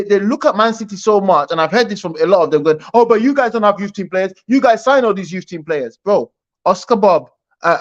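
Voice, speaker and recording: A man, arguing about football in a casual, animated chat. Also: high voice. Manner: animated, argumentative, repeats himself. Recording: dull lo-fi stream audio.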